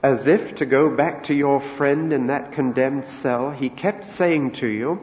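A man's voice: medium pitch, a little slow, few pauses, a little mellow. A man preaching a sermon in an earnest, storytelling manner, lifting his voice as he voices quoted words. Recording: echoey hall, dull lo-fi sound.

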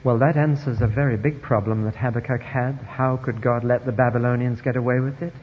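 A man preaching a sermon, emphatic and wry, dropping quiet then rising loud, in a dull, echoey hall recording. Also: medium pitch, fairly even intonation, a little fast, a little hiss or hum.

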